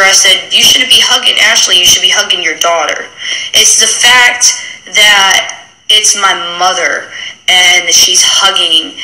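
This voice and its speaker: A woman on a phone live stream, retelling a backstage clash to her followers in a rapid, animated way and mimicking the people involved. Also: on the low side, roomy sound, poor audio. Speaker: reality TV personality speaking to followers. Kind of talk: casual storytelling on a live stream.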